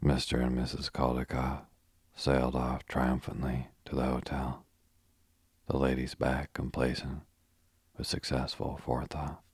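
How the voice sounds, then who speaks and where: A man reading a novel aloud as an audiobook narrator, measured and even. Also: a bass voice, slightly rough, dry recording.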